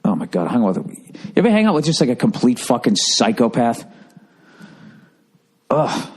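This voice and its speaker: A man's voice: medium pitch, normal speed, slightly rough. A man hosting a podcast, ranting through profane, rambling comic stories. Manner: profane, rambling, animated storytelling. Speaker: comedian and podcast host. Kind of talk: stand-up style podcast rant.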